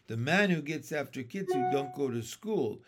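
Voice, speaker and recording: A man's voice: mid-range voice, animated, moderate pace, faint music behind, close to an everyday voice. A man voicing a friendly older schoolboy in a storybook reading, breezy and offhand.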